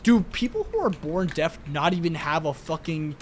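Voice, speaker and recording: A man's voice: fairly high pitch, sing-song, moderate pace, a little hiss or hum. A young man with a New York accent, chatting casually as a podcast co-host, rambling and swearing with lots of filler words. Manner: rambling, profane, heavy use of "like".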